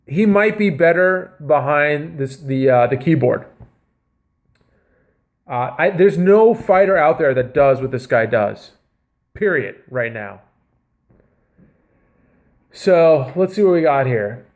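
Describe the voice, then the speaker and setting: Dude vlogging, kinda high voice, lots of uhs, chatty and hyped. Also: male voice, animated, takes it slowly, pauses often. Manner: rambling, filler-heavy, enthusiastic. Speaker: comedy vlogger reviewing news. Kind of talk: casual reaction commentary.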